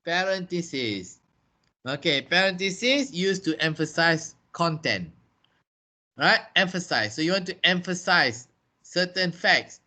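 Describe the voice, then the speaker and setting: High, bright-voiced trainer. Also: male voice. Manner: repeats key points, explanatory. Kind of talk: classroom lesson. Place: training room with a class.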